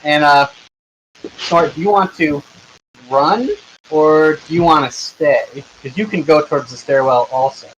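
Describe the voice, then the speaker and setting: A man's voice: fairly high pitch, a little slow, slight background noise, poor audio. A man running a tabletop game online, narrating loosely with lots of filler words. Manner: loose, rambling, with many fillers. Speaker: game master.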